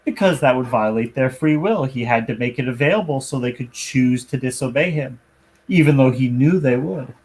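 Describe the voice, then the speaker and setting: A man's voice: medium pitch, normal speed, a little mellow. A man co-hosting a casual podcast chat, adding dry quips. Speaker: podcast co-host.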